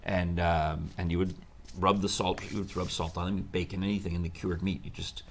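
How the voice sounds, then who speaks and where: A man's voice: deep voice, little pitch movement, brisk, slight background noise. A man hosting a live chat show, telling stories in a chatty way and laughing often. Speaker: show host.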